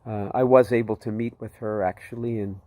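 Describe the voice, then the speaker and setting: A man's voice: fairly low pitch, steady tone, a little fast, a little mellow, dry recording. A man giving a heartfelt personal faith testimony, rambling with many fillers as he tells his story. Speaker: testimony speaker.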